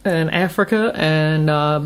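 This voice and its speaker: A middle-aged woman, hosting a podcast interview in a relaxed, chatty way and laughing often. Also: low voice, slow pace, clear, resonant tone. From New Zealand. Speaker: podcast host. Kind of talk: casual interview chat.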